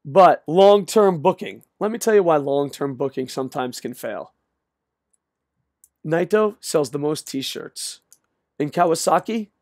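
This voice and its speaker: A man's voice: a little high, vocal fry, darkish tone, no echo, studio quality. An older man ranting, exasperated and sarcastic, with frequent profanity, in a solo video. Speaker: wrestling commentator.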